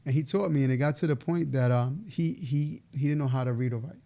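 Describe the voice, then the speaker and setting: A man, telling stories in a casual, animated way as a podcast guest, laughing now and then. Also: mid-range voice, fairly quick, vocal fry. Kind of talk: casual storytelling interview.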